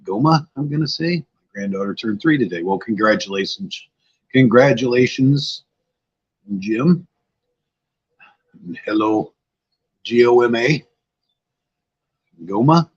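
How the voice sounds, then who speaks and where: A man's voice: mid-range voice, lively intonation, measured pace, pauses often, breathy edge, dull audio. An older man hosting a casual livestream, tired and a bit scatterbrained, chatting loosely with viewers. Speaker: livestream host. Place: outdoors-like spot at home.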